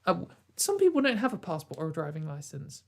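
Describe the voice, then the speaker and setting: A woman's voice: low voice, very animated, fairly quick, creaky, a little mellow. Sarcastic woman commentator. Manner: mocking, laughs often, exasperated asides. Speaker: commentary channel host.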